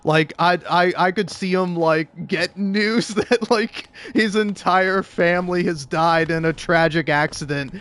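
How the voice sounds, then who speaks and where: Young male streamer with a somewhat high voice, chatting in a loose, profane, laughing way. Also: measured pace, few pauses, fairly bright tone. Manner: rambling, profane, laughs often. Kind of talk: casual storytelling while gaming.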